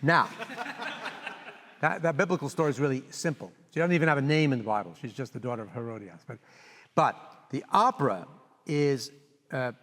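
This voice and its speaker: A man's voice: mid-range voice, moderate pace, long pauses. An older man conducting a master class, coaching a brass player and singing phrases aloud to show how they go. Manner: animated, sings phrases aloud. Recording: reverberant hall.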